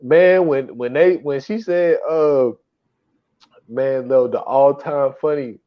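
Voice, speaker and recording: A man co-hosting a casual movie podcast, rambling with halting starts and bursts of laughter. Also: medium pitch. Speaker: podcast co-host. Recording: dull lo-fi mic.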